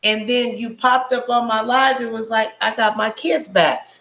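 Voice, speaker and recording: A woman hosting a casual live stream, telling stories in an animated, blunt way and swearing freely. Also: fairly high pitch, moderate pace, roomy sound, poor audio.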